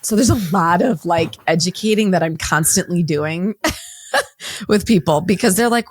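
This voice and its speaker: A woman in her forties, a counselor speaking as an interview guest, talking bluntly in quick bursts with frequent restarts. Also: lowish voice, dry recording, clean studio sound. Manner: blunt, unapologetic, talks fast in bursts with many restarts. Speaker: guest, mental health counselor. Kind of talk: candid interview conversation.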